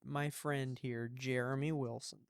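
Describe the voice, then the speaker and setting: A man's voice: medium pitch, fairly even intonation, unhurried, vocal fry, clear, resonant tone, dry recording, studio quality. A man hosting a podcast, chatting casually with wry jokes. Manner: joking, wry. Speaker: podcast host. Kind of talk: casual chat.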